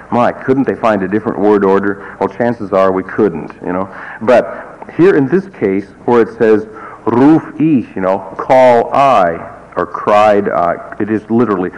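A man's voice: lowish voice, a little mellow. A man teaching a class, explaining in a digressive, wry way with asides. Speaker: music teacher. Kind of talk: classroom lecture. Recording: muffled lo-fi recording, faint hiss.

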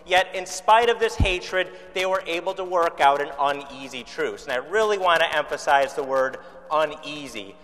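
A man's voice: a little high, fairly bright tone. Man preaching in a reverberant church. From Chicago. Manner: conversational, rhetorical questions, dry humor. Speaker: pastor. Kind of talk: sermon.

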